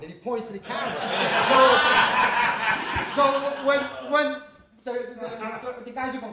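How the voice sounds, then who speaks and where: A man's voice: very high-pitched, moderate pace, heavy background noise. A man, an independent filmmaker telling profane, laughing stories to an audience after a screening. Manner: profane, laughing, animated storyteller. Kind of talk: casual storytelling Q&A. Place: small cinema screening room with an audience. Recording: echoey room from far off, audience chatter.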